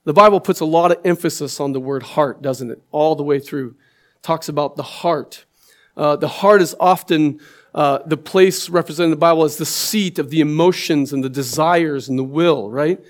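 A man's voice: fairly high pitch, moderate pace. A man preaching a sermon in a conversational way, often checking with listeners and repeating words as he builds his point. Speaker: pastor.

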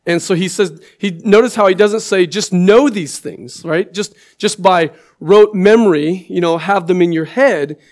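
Conversational male pastor, higher voice. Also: moderate pace, hardly any pauses, a little mellow. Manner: conversational, asks listeners "right?" often; repeats and restarts words while building a point. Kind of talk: sermon.

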